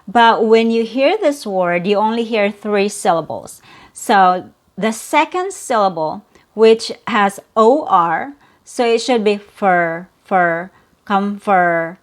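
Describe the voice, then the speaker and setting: Slow, careful woman teaching pronunciation. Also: mid-range voice. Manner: slow, careful, repeats words for drilling. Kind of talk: pronunciation lesson.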